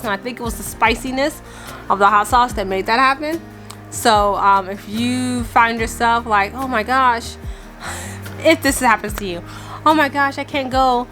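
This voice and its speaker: A family vlogger in her thirties talks candidly and casually, her high-leaning voice pushed and bright. She sounds slightly out of breath and laughs often as she chats.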